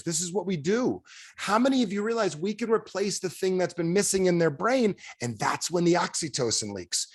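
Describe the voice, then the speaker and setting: A man giving an energetic motivational talk to a sales team on a video call, firing rhetorical questions at his listeners. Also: high voice, husky. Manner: energetic, rhetorical questions to the audience, emphatic swings in loudness. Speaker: direct sales trainer.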